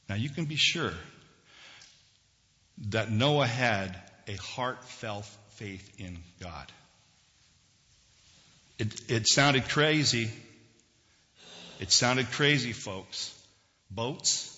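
A male pastor delivers a sermon in a bright, forceful voice and keeps quizzing his congregation. The recording is dull and lo-fi, with a long church reverb around him. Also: mid-range voice, lively intonation, drawn-out words, long pauses. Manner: conversational, questions the congregation. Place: church sanctuary.

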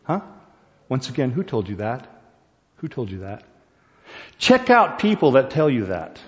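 A man's voice: mid-range voice, big pitch swings, unhurried. A man preaching a sermon, talking to the congregation in a conversational way and asking them questions. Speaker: pastor. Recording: dull recording with long hall reverb.

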